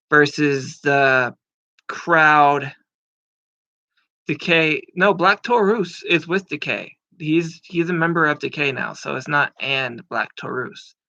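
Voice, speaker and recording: A man in his thirties talks slowly and loosely, filling pauses with ums and the odd curse word. His voice is bright and a little high. The recording is dull and lo-fi, with no room echo. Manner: rambling, swears casually, many fillers. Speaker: wrestling commentator. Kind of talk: casual predictions vlog. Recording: muffled lo-fi dry recording.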